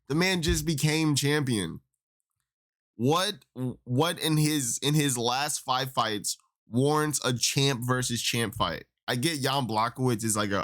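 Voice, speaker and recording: A man's voice: mid-range voice, a bit bright. Profane, exasperated young man ranting. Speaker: MMA commentator. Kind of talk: casual opinion rant.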